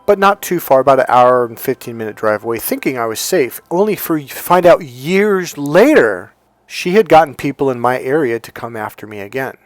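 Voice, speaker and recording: A man hosting a dating advice talk, telling his own story in a candid, emphatic way and repeating phrases for stress. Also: medium pitch. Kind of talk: personal storytelling monologue.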